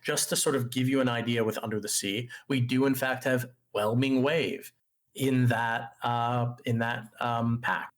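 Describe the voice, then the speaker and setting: Relaxed man explaining card-game themes. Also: mid-range voice, measured pace. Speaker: podcast co-host. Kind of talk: casual chat about a card game.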